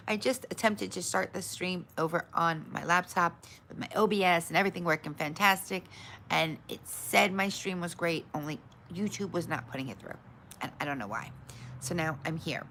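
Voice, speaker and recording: A frustrated woman livestreaming grumbles at her tech in casual chat, then switches to bright, high greetings for her viewers. She talks at normal speed, with slight background noise.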